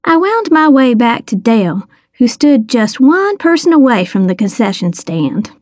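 A woman reading a first-person story with wry, deadpan humor. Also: fairly high pitch, moderate pace, no room sound, clean studio sound. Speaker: audiobook narrator.

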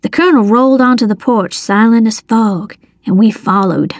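A woman reading a first-person children's adventure story aloud, measured and suspenseful, on a close mic. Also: on the high side, no echo. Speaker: audiobook narrator.

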